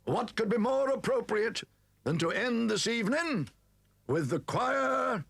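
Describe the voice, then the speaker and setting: An actor playing a gruff, kindly old male badger who blusters and fusses, in a 1980s stop-motion cartoon. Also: extremely high pitch, expressive, unhurried, fairly bright tone, full character voice. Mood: announcing. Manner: gravelly, blustering, fussy.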